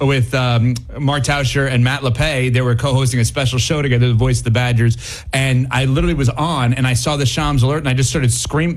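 A man hosting a sports talk show, talking in an animated, excitable way. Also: medium pitch. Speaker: host.

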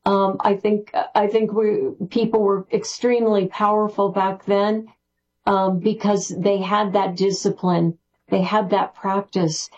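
Woman interview guest, unhurried, eager and rambling, dull audio. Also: mid-range voice. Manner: excited, rambling with restarts. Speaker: spiritual author guest. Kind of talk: interview answers.

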